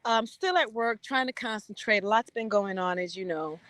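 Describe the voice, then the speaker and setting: A woman's voice: mid-range voice, normal speed, hardly any pauses, a bit bright, no room sound. A woman hosting a live stream, chatting casually and playfully, laughing often and greeting her viewers by name.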